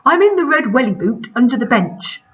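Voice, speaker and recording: A woman's voice: high voice, big pitch swings, a little fast, voice pushed up. A woman voicing an ancient male spider who mumbles, in a storybook reading on a muffled lo-fi recording. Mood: calm, kindly.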